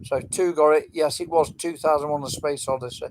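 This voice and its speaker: A man's voice: a little high, fairly even intonation, brisk, a little mellow, slight background noise, low-quality recording. A middle-aged man, rambling casually as he hosts a livestream quiz and chats with viewers. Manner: chatty, rambling, answering comments.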